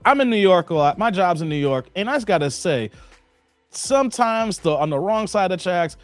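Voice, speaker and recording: A man with a somewhat high voice that swoops up and down as he drives his points home. He talks in a casual, emphatic commentary style, like a reaction host lecturing his viewers, with faint music under him. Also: animated, normal speed, no echo.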